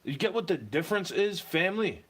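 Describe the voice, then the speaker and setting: A man's voice: high voice, very animated, a little fast, a bit bright, slightly rough. Profane, heated young man ranting to camera. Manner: profane, heated ranting with mocking put-on voices.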